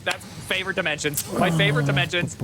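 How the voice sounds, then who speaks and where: A man casually reacting to a video during a live stream, rambling and excitable, laughing often and restarting sentences. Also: on the high side, fast talker, very noisy.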